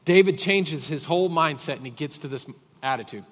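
A man preaching a sermon as pastor, emphatic and repetitive, swinging between loud and quiet. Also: fairly high pitch, a little fast, big-room sound. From Texas.

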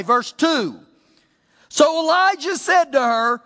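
A male pastor with a very high voice preaches a little slowly, a long reverb tail trailing his words. His animated sermon has him acting out the voices of people in his stories and in scripture.

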